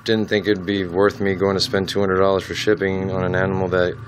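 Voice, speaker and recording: A man talking casually about his lizards at home, softly cooing to them as he handles them on a handheld camera. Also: low-pitched, completely flat delivery, brisk, a little hiss or hum, poor audio. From United States. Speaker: reptile keeper. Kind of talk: casual vlog with pet updates. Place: at home among reptile enclosures.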